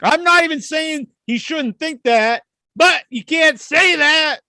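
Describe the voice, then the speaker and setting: A man's voice: very high-pitched, takes it slowly, sharp tone, no echo, clean studio sound. A man co-hosting a wrestling podcast, joking and teasing in casual banter. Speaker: podcast co-host.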